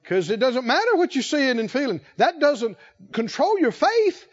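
A man preaching a sermon as pastor, emphatic and repetitive, building key phrases to shouts. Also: extremely high pitch, big pitch swings, normal speed, muffled recording.

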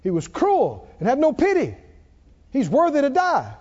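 A man preaching a sermon, swinging between loud, dramatic lines and hushed ones. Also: extremely high pitch, wildly swooping pitch, normal speed. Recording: muffled sound with long hall reverb.

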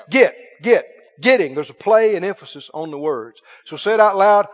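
A man preaching a sermon, animated, acting out Bible scenes and building up to shouts in a church. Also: high-pitched, fairly quick, in a large hall, lo-fi sound. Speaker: pastor.

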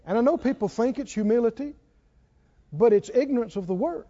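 Guy preaching, high voice, swings all over, kinda dull lo-fi sound. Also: brisk. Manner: animated, rising to near-shouts then dropping low. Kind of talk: sermon.

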